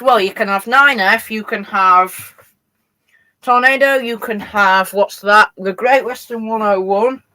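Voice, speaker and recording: A teenage boy from Yorkshire, England, hosts a live stream, chatting casually in his Yorkshire accent and answering viewers' messages while running model trains. His voice sits high with a sharp tone, and the audio quality is poor.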